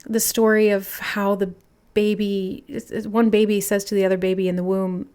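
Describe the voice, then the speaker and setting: A woman giving an intuitive tarot reading, musing aloud in a soft, channeling manner as she relays messages. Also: mid-range voice, level tone, normal speed, clear, resonant tone. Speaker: tarot reader.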